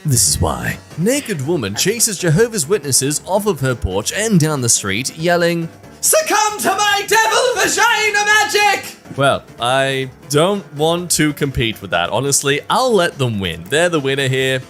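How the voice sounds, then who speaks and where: A man streaming, reading memes aloud and joking about them in a casual, animated way, jumping in and out of mock voices. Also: mid-range voice, a little slow, hardly any pauses, soft background music. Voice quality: animated, jokey, jumps between mock voices.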